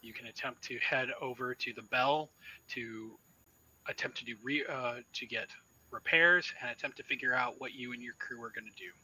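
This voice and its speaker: A man's voice: mid-range voice, moderate pace, bright, forceful tone, breathy edge, poor audio. A man voicing a female blockade officer who speaks coldly and hard. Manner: cold and clipped.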